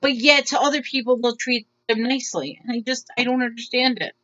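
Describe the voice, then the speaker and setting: A woman vlogger with a fairly high, slightly quick voice rambles through casual stories, animatedly acting out what the people in them said. The recording has a dull, lo-fi sound.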